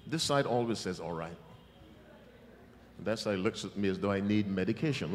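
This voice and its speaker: A male preacher giving a revival sermon, emphatic and teasing, with sudden loud bursts. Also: lowish voice, animated, normal speed, pauses often. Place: large church hall. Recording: long church hall reverb.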